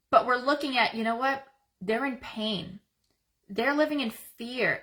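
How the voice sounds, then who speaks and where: A woman in her thirties or forties hosts a motivational self-help talk, speaking straight to her viewers. Her voice is bright and clear and sits a little high. Her delivery is earnest and encouraging, and she calls her listeners "guys". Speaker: self-help video host.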